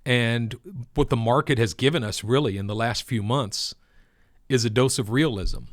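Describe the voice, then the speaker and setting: A man's voice: medium pitch, moderate pace, no echo, clean studio sound. Casual man talking crypto markets. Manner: conversational, emphatic, preacher-like repetition.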